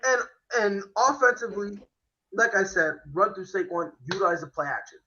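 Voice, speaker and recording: A man hosting a casual football chat, animated and slangy, cursing freely. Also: high voice, highs cut off. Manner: animated, slangy, swearing, quick impressions. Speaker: host. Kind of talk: casual sports analysis chat.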